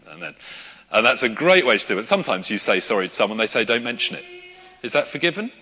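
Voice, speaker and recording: A middle-aged preacher speaks in a loose, conversational sermon style, full of asides. His voice is bright and forward at a middling pitch. A long hall reverb trails behind each phrase. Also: sing-song, fast talker. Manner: conversational, with asides and light laughter. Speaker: pastor. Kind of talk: sermon with a live demonstration.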